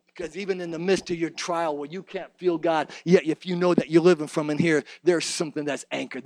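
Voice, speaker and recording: A man preaching a sermon, swinging between hushed low asides and shouted, sing-song preaching. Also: vocal fry, no echo.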